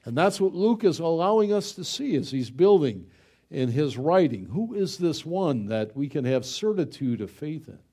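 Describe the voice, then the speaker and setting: Earnest preaching man, mellow voice. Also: on the high side, very animated, normal speed, breathy edge. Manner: earnest, emphatic preaching with rhetorical questions. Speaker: pastor. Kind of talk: sermon.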